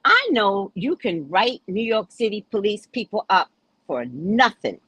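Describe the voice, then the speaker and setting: A woman's voice: medium pitch, big pitch swings, measured pace, a bit bright, breathy edge, no room sound. A woman telling her viewers a story in a blunt, heated, profane way, reading text messages aloud as she goes. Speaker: psychic reader recounting a client dispute.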